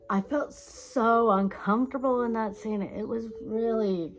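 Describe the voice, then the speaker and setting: A woman vlogger telling rambling, animated stories in a casual chat, laughing now and then. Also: on the high side, measured pace, hardly any pauses, music in the background, rough recording.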